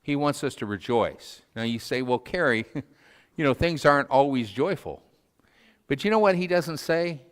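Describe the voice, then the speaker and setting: A man delivers a sermon in a relaxed, folksy way, tripping over his words with plenty of "uh"s and light chuckles. His voice sits at an ordinary middle pitch and carries a long church-hall reverb. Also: normal speed. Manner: folksy, self-deprecating, frequent fillers and chuckles. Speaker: preacher. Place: church sanctuary.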